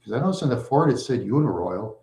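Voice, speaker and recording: A man's voice: mid-range voice, very animated, fast, dark tone. A middle-aged man rambling on a live stream, mumbling and repeating himself in a self-pitying way. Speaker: livestream host. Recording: echoey room.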